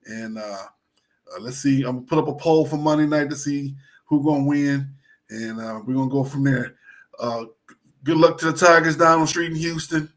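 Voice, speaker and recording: A man's voice: on the high side, fairly quick, fairly bright tone. A man co-hosting a sports talk show, chatting casually, repeating phrases and plugging other shows.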